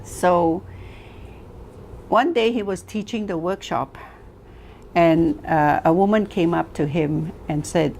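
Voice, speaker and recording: Woman teaching a class, talks real slow and deliberate, slightly low voice, faint hiss behind. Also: darkish tone. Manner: slow and deliberate, repeats phrases for emphasis; storytelling with rhetorical questions. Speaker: wellness teacher. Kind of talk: lecture to a class.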